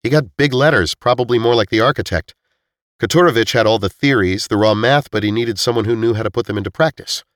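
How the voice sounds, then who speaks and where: A man's voice: lowish voice, fast talker, no echo, studio quality, voice pushed up, lightly acted. A male narrator voicing a skeptical young man reasoning things out in a storybook reading.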